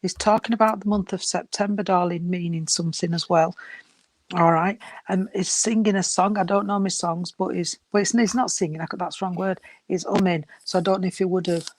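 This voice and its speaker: A woman's voice: lowish voice, steady tone, brisk, dry recording. A woman giving a psychic reading, speaking earnestly with many restarts and calling the sitter sweetheart and darling. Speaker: spiritualist medium.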